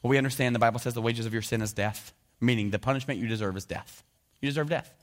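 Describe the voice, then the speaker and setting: A man preaching a sermon, animated and jokey, acting out the voices of biblical figures. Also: mid-range voice, fast. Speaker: pastor.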